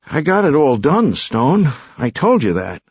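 A man's voice: on the high side, sing-song, unhurried, a little mellow, husky, no echo, muffled recording, voice pushed up, full character voice. A man voicing an anxious young male lawyer who whines and frets. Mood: agitated whining. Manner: whining, agitated.

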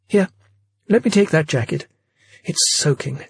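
A soft-spoken, fragile woman in her forties, gentle and welcoming in a storybook reading, as a male narrator puts her on. The voice sits higher than his own and has a slight husk, recorded close and dry. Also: expressive, a little slow, slightly rough, dry recording, heavily acted. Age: 40s. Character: fragile, hospitable middle-aged woman.

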